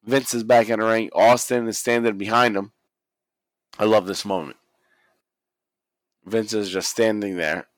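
Man, casual recap, profane, animated, dry close sound. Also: fairly low pitch, a little slow, pauses often, no room sound. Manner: animated, swears constantly, acts out quotes. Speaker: wrestling recap host.

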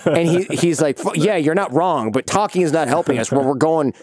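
A man hosting a podcast, telling a funny personal story with lively energy and frequent laughter. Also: a little high, fairly quick, no room sound, studio quality. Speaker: podcast host. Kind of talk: casual storytelling chat.

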